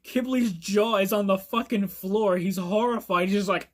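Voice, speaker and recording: A man casually reviewing a fantasy book, excitable and profane, often laughing as he talks. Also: high-pitched, normal speed, few pauses.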